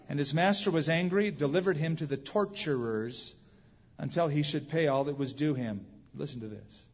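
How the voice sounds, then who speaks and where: A man preaches a sermon, retelling scripture with lively storytelling and voicing the people he quotes. His voice sits a little high and slightly husky. The recording is muffled and carries the long reverb of a church hall. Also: normal speed. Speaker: pastor.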